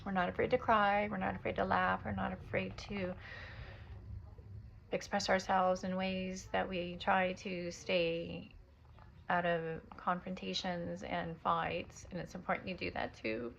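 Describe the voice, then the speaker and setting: An American woman with a low, gravelly voice talks to her viewers in a loose, wandering spiritual monologue, filling gaps with ums and uhs. The recording sounds dull and lo-fi. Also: fairly even intonation, a little slow, fairly bright tone, slight background noise. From United States. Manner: meandering, drifting between topics with many fillers. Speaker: spiritual vlogger.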